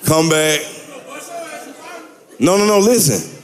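A man's voice: a little high, very animated, slow pace. A man on a live podcast stage, telling rambling stories and acting out what others would say. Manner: rambling storytelling, acts out others' lines. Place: theater stage before live audience.

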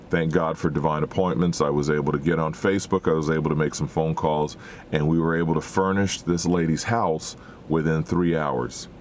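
A man's voice: low voice, a little hiss or hum. A man preaching a sermon in an earnest, exhorting way, full of rhetorical questions.

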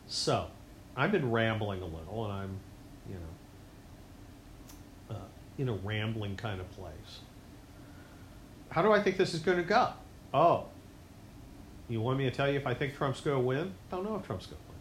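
A man hosting his own show, delivering a rambling, sarcastic political monologue that swings between loud outbursts and low mutters. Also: animated, moderate pace, pauses often, reverberant, slight background noise. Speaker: podcast host.

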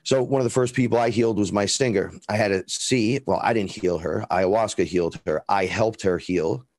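Here the Bronx-accented guest talks fast in a lowish, somewhat dark voice, with no room sound at all. His interview story wanders, full of cursing and bluntness, as he performs people's dialogue.

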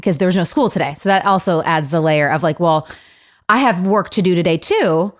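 A woman's voice: fairly low pitch, fairly quick. A woman hosting a podcast in casual chat, rambling and restarting her sentences as she tells a story. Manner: rambling, self-interrupting, laughs often. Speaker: podcast host.

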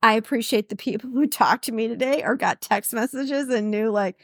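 A woman's voice: a little high, moderate pace, no echo, clean studio sound. A middle-aged woman hosting a personal podcast, talking emphatically, repeating her key phrases and laughing often. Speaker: podcast host. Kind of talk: personal solo podcast talk.

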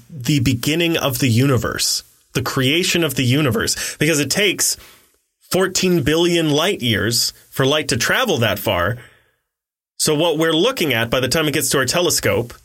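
A man co-hosting a casual film review podcast, joking and laughing as he explains things. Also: medium pitch. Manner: animated, jokey, laughs often. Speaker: podcast co-host.

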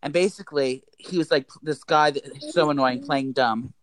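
A man's voice: fairly high pitch, normal speed, dry recording. A man telling a rambling, profane story as a podcast co-host. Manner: rambling, profane, animated retelling. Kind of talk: casual storytelling chat.

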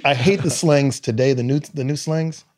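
A man's voice: mid-range voice, steady tone, moderate pace, darkish tone. A man chatting casually as a comedian guest, laid-back and playful as he tells stories. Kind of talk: casual chat.

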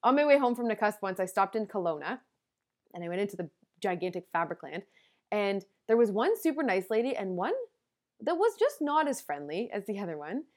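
A woman's voice: medium pitch, big pitch swings, fairly quick, a little mellow, no room sound, studio quality. A young woman hosting a podcast, telling a story in a chatty, self-deprecating way and laughing at herself. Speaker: podcast host. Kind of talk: casual storytelling monologue.

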